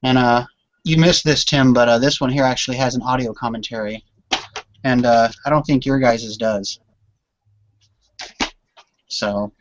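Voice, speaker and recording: A man's voice: mid-range voice, fairly even intonation, unhurried, pauses often. A man hosting a casual online chat, upbeat and joking with his guests. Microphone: video call. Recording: dull lo-fi call audio.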